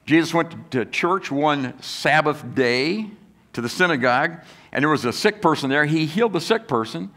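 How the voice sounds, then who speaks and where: Guy pastor giving a sermon, bright clear voice, talks to the crowd like a chat, does little critic voices. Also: on the high side, lively intonation, moderate pace. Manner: conversational preaching with rhetorical questions to the congregation; acts out critics' voices in quotes.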